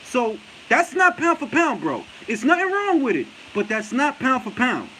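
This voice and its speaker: A male boxing talk show host ranting in casual chat, animated and profane, hammering his points with repetition. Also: very high voice, moderate pace, a little hiss or hum, rough recording. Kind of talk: casual chat, heated rant.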